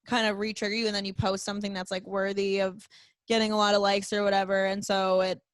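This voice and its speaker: A woman's voice: mid-range voice, flat delivery, quick pace, no room sound. Frank young woman chatting on a podcast. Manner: chatty, frank, lots of "like" fillers. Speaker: podcast guest, comedian. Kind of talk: casual chat.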